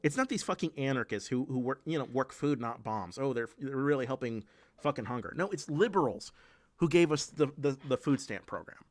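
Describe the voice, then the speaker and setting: A man's voice: medium pitch, expressive, brisk, a little mellow, dry recording. A man doing livestream political commentary, reading chat as he goes, heated and profane, often restarting his sentences. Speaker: political streamer.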